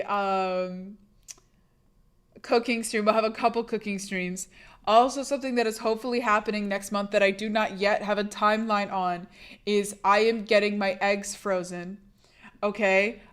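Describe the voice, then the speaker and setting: A young woman streamer with a hoarse voice from laryngitis, chatting candidly and with swearing on a live stream, bursting louder when she greets viewers. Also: medium pitch, flat delivery, unhurried. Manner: candid, profane, rambling; bursts loud greeting raiders. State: sick, laryngitis. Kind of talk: casual live-stream chat.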